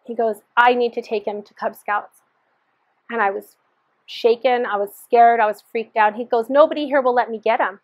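A woman's voice: fairly high pitch, fairly even intonation, moderate pace, no room sound, dull audio. A woman sharing her personal testimony in an earnest storytelling manner, re-enacting the dialogue as she recalls it.

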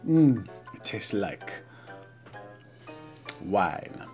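A man's voice: on the low side, big pitch swings, drawn-out words, a little mellow, faint music behind, voice pushed down, full character voice. A man putting on a snooty fake-French artist. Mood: musing. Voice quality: exaggerated fake French accent. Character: young male French artist, pretentious wine snob.

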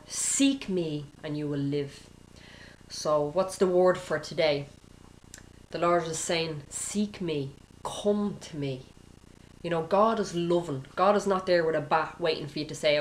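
A woman's voice: sits low, a little slow, a little hiss or hum, rough recording. A woman preacher giving an informal sermon, peppering it with "you know" and "okay?" and acting out prayers. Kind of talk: conversational sermon.

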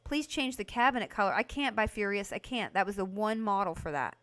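A woman livestreaming a house renovation game, chatting casually with her viewers and breaking into excited bursts. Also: mid-range voice, brisk. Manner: chatty, talks to chat by name, excited bursts. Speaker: livestream host playing a video game. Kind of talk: casual live game commentary.

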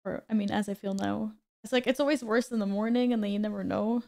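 A woman's voice: medium pitch, fairly even intonation, fast talker, creaky, warm tone. A woman streaming a game and chatting casually, greeting viewers by name and laughing often, a little stuffy from a cold. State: slightly stuffy, recovering from a cold. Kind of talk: casual live-stream chat.

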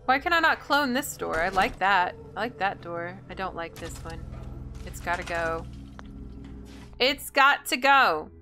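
A woman's voice: on the low side, moderate pace, bright, forceful tone, soft background music. A woman hosting a gameplay video, chatting and thinking aloud in an indecisive, casual way. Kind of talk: casual let's-play commentary.

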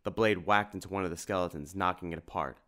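A man reads an audiobook aloud with a lively, dramatic delivery. His voice sits low and deep. He tells the story with expressive energy. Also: fast. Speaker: audiobook narrator.

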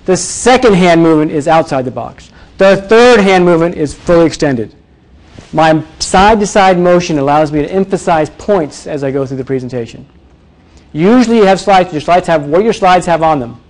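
Energetic man coaching a room. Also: a little high, normal speed. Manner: energetic, demonstrative, quizzes the audience. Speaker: presentation coach. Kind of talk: live workshop talk. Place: room with a live audience.

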